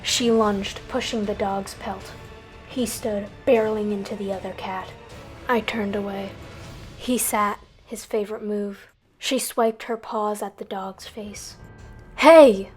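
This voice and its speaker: A woman narrating a dramatic animal battle story, with animated delivery that bursts out on the quoted lines. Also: medium pitch, measured pace. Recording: music faintly behind.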